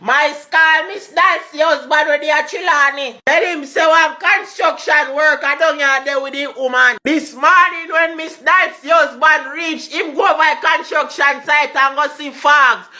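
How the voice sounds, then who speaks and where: Bright high Jamaican woman gossiping. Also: unhurried, few pauses. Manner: animated patois gossip. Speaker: storyteller. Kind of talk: casual gossip storytelling.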